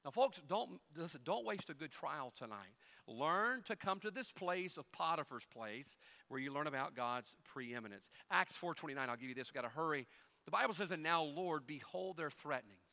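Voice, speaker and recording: A male pastor preaching a sermon, moving from quiet folksy storytelling with humorous asides to loud, rising emphasis. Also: a little high, lively intonation, normal speed.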